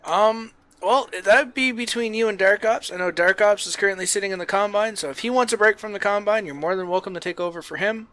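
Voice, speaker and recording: A male streamer talks through his farming game in an easygoing, chatty way. His voice sits a bit high and comes across bright and forward. Now and then he puts on a loud showman greeting for his viewers. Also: fairly quick, few pauses. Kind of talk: casual gameplay chat.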